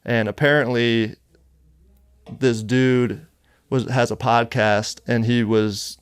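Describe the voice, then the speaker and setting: A man's voice: medium pitch, steady tone, takes it slowly, smooth, no room sound. A male rapper as a podcast guest, telling stories bluntly and with heavy profanity in casual conversation. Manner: blunt, heavily profane, heated. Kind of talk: casual interview storytelling. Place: podcast studio.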